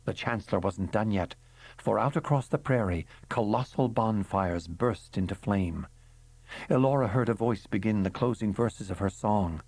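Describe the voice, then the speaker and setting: A man reading a fantasy novel aloud in measured, dramatic narration. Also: lowish voice, darkish tone, no echo. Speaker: audiobook narrator. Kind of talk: scripted narration.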